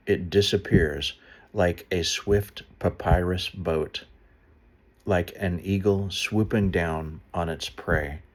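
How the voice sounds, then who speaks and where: A man reading a Bible passage aloud slowly and deliberately, stopping now and then to explain the footnotes. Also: sits low. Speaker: Bible reader. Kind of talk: unscripted Bible reading with asides.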